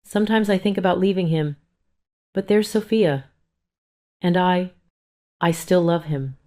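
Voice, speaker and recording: A woman's voice: low voice, unhurried, a little mellow. A woman reading the lines of a grown daughter pleading tearfully with her mother. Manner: pleading, emotional.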